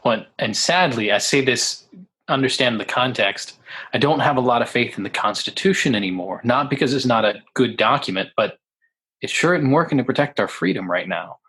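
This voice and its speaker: A man's voice: medium pitch, lively intonation, fairly quick, pushed and bright, slightly rough, low-quality recording. A man co-hosting a podcast in easygoing casual chat, often laughing along. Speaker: podcast co-host.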